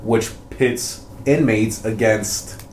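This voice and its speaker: A man's voice: on the low side, fairly even intonation, extremely slow, darkish tone. A man co-hosting a casual movie podcast, agreeable and hesitant, often restarting his sentences. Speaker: podcast co-host. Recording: echoey room with faint noise.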